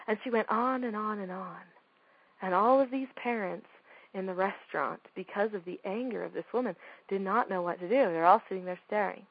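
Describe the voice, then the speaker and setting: A woman's voice: medium pitch, moderate pace, husky, no room sound, dull audio. A woman giving a talk on parenting, speaking emphatically and firing off rhetorical questions. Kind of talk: talk to an audience.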